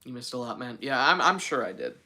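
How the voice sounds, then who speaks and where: Bright-voiced young man rambling on a livestream. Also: mid-range voice, big pitch swings, quick pace. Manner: rambling, filler-heavy, self-mocking. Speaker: livestream host. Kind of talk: casual livestream chat.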